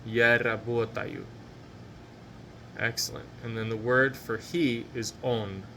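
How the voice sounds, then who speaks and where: A male teacher talks his listeners through a recorded language lesson with a bright, clear tone. He takes his time, repeating every phrase slowly and cheering the learners on. A faint hum sits under the recording. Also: mid-range voice, fairly even intonation. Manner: patient, slow drilled repetitions of each phrase; encouraging.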